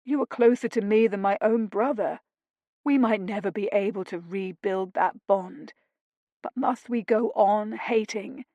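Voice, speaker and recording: A woman voicing a remorseful aristocratic duke who speaks quietly and pleads. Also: mid-range voice, a little slow, no echo, dull audio, lightly acted.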